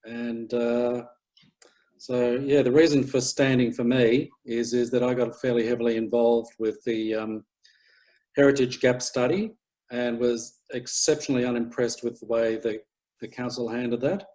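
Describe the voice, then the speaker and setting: A man in his late fifties introduces himself as a council candidate over a video call. He speaks in a halting, casual way, with plenty of fillers and dry asides. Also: medium pitch, fairly even intonation, darkish tone, low-quality recording. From Australia. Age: 50s.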